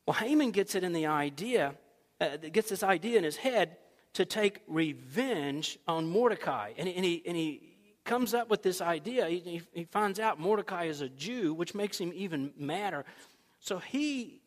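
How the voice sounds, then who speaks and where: A man preaching a sermon, retelling a story in a conversational, folksy, animated way. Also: high voice, moderate pace. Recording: long reverb in a large hall.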